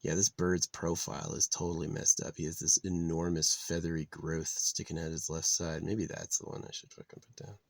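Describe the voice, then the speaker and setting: Low creaky-voiced man rambling. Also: level tone, moderate pace, few pauses, no echo. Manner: profane, rambling, trails off into mutters. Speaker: vlogger. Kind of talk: rambling casual monologue. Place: outdoors in nature.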